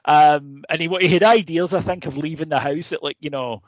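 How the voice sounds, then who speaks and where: A man's voice: fairly high pitch, fairly quick, dry recording, lo-fi sound. Swearing man telling a story. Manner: swears freely, builds a story with asides and repeated "right?". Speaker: podcast co-host. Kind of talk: casual chat, anecdote telling.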